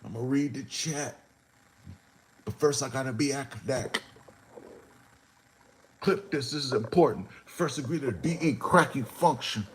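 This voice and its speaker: A man hosting his own livestream, rambling to his chat in a slow, drawn-out way with sudden animated jumps. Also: mid-range voice, slight background noise. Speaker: rapper hosting a livestream show.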